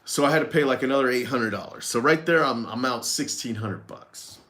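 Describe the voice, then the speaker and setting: A man telling a personal story straight to the camera in a loose, rambling way. His voice sits at an ordinary middle pitch. He is candid and now and then swears. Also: fairly quick, a bit bright. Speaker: lawn care business owner. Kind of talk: casual storytelling vlog.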